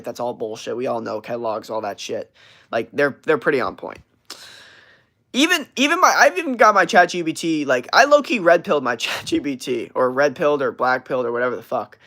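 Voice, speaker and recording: With a pushed, bright mid-range voice, this young livestream host chats casually, reading messages from live chat and replying. He's brash and profane, rambling along with plenty of fillers and false starts.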